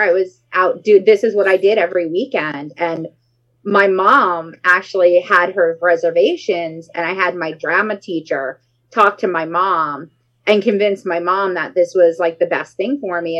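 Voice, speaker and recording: A woman in her forties, a guest in a casual interview, telling a story with dramatic, animated retellings and acted-out quotes. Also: lowish voice, moderate pace, muffled recording.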